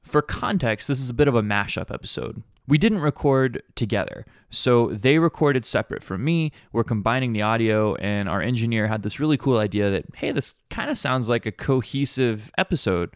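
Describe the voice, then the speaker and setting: Chatty male podcast host, smooth voice. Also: medium pitch, lively intonation, normal speed, hardly any pauses, dry recording, studio quality. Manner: wry, chatty, lots of fillers. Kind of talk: casual podcast intro.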